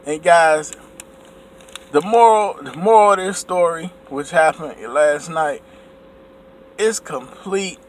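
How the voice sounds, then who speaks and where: A man vlogging, casually retelling an incident to camera in an animated way, sometimes acting out his own raised outbursts. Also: a little high, slow pace, long pauses, a little hiss or hum.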